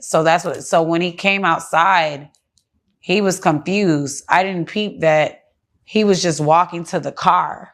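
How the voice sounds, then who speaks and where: A woman's voice: lowish voice, a little slow, fairly bright tone. A woman guest in a casual interview on a studio couch, speaking bluntly, heatedly and with lots of cursing.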